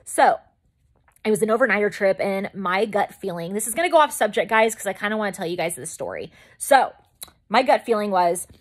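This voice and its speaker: A woman's voice: mid-range voice, expressive, brisk. A young woman vlogger telling a personal story in a casual, chatty way, rambling into side remarks and acting out her own past reactions. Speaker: makeup vlogger.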